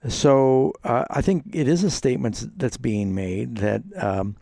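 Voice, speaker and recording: Man, pastor, radio host, gravelly, dark tone, dry close sound, easygoing explaining. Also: medium pitch, lively intonation, a little slow. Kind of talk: call-in Bible answers.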